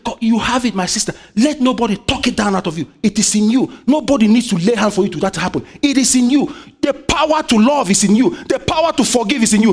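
A man preaching a sermon in a strikingly high, lively voice. He throws questions at the congregation and keeps swinging between loud urging and low, quiet asides. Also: a little fast. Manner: call-and-response, asks the congregation "what?".

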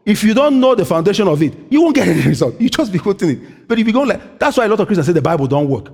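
A man preaching a sermon in an animated way, often asking the congregation a question and answering it himself, his voice a little husky. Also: high-pitched, very fast. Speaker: pastor. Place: church. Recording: long hall reverb.

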